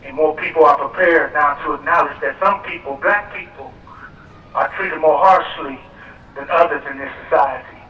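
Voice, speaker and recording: Male prison caller, measured speech, muffled phone line over outdoor speakers. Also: on the high side, echoey room, recorded from a distance, a little hiss or hum. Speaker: death row prisoner calling into a rally. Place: prison phone relayed to an outdoor park rally.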